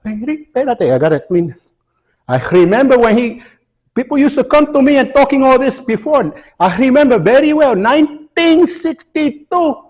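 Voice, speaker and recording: A man's voice: very high-pitched, lively intonation, normal speed, a little mellow, voice pushed up. A man playing an impatient old male coffee shop worker, talking in brusque, broken English. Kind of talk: comedy sketch.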